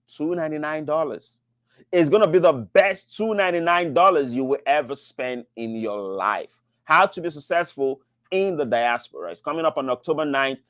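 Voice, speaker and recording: A man hosting a live business-mentoring show, answering questions with an emphatic, repetitive motivational sales pitch. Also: fairly bright tone, dry recording, studio quality.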